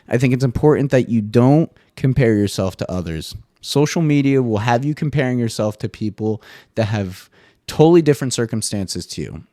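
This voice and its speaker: A man hosting a casual solo podcast monologue, swearing freely and jumping into high mock voices now and then. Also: mellow, no echo, clean studio sound. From US East Coast. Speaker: podcast host.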